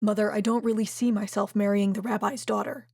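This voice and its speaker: A woman's voice: medium pitch, little pitch movement, fairly quick, gravelly, a little mellow, breathy edge, dry recording, clean studio sound. A woman voicing a self-assured male billionaire in his thirties, breezy and cocky.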